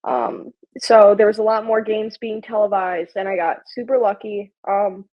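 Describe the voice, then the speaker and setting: A young woman from Chicago talks as a podcast guest, eager and quick to jump back in with fillers and restarts. Her voice sits at a middle pitch. The audio is a little dull and muffled. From Chicago, USA. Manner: excitable, lots of fillers and restarts. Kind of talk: casual interview chat.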